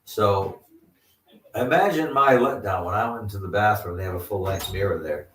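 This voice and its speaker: A man's voice: on the low side, moderate pace, a bit bright. A man telling a paranormal story in casual chat, rambling and trailing into asides. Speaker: paranormal investigator guest. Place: living room at a live party. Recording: echoey room, mic far off.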